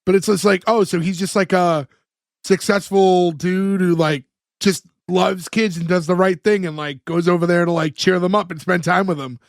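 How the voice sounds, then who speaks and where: A man's voice: high voice, steady tone, normal speed, dry recording, clean studio sound. A man casually recapping a sitcom episode on a podcast, a loose storyteller full of filler words. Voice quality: talkative, loose storyteller who acts out quotes. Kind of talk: casual chat, plot recap.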